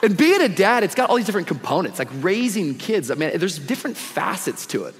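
A man's voice: high voice, very animated, fairly quick, faint music behind. A man in his thirties preaching a live sermon to a church congregation, casual and slangy but full of energy. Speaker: guest pastor. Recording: long reverb of a big hall.

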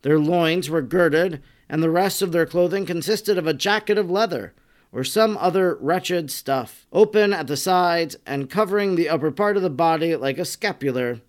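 Solemn, higher-voiced male narrator. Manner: solemn, measured reading. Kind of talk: audiobook reading of a religious text.

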